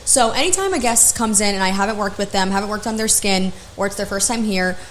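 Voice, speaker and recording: A woman esthetician telling stories in a casual podcast chat, animated, frank and profane. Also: medium pitch, quick pace, slight background noise, poor audio.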